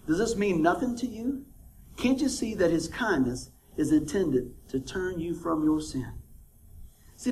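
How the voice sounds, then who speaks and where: A man's voice: sits high, slight background noise, poor audio. A man preaching a conversational sermon as a pastor, who keeps asking the congregation for amens and chuckles at his own jokes.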